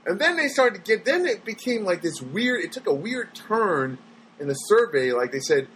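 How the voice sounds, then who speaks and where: A man's voice: sits high, big pitch swings, moderate pace, a bit bright, a little hiss or hum, rough recording. A man telling everyday stories to his viewers in a rambling, exasperated way, with frequent restarts, and mimicking other people in his quotes. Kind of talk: casual storytelling monologue.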